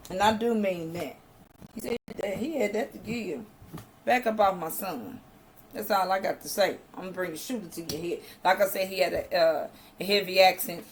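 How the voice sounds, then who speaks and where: A woman's voice: lowish voice, slight background noise. A woman from the American South recapping a TV episode in a chatty, emphatic way, with frequent fillers and slang. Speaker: TV show reviewer. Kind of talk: casual spoken recap.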